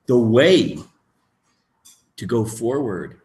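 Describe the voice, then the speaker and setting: A man teaching as a rabbi in a lecture, emphatic, moving between soft asides and loud, stressed points. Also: medium pitch, very animated, drawn-out words. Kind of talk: lecture on Jewish mysticism. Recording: echoey room.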